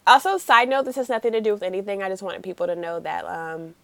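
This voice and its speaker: A woman's voice: mid-range voice, steady tone, fast talker, creaky, a bit bright. A young woman co-hosting a podcast, chatting casually and gushing as a fan, with lots of fillers. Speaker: podcast co-host. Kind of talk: casual chat.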